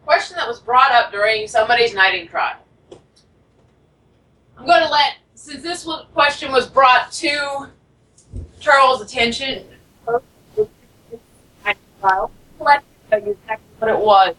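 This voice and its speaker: A woman hosts a casual call-in radio show, rambling along quickly and commenting on herself as she goes. Her voice is bright and a little high, and she sounds set back from the microphone. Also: lively intonation. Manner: rambling, quick, self-aware. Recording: voice from far off the mic.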